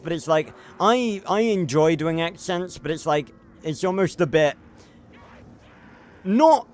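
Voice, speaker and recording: A young British man streaming a game, chatting in a rambling, self-correcting way as he reads the chat. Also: on the high side. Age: young adult. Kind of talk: casual livestream chat.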